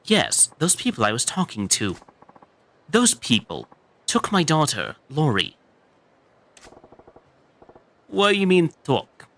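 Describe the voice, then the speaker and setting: A man doing a high pleading worried mother. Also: wildly swooping pitch, unhurried, a bit bright, full character voice. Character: distraught middle-aged mother, pleading.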